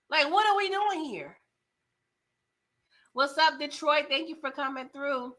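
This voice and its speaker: Bright, high-voiced woman recapping casually. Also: a little slow, pauses often. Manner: animated, laughing, talks back to the characters. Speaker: TV recap host. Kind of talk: casual live-stream episode recap.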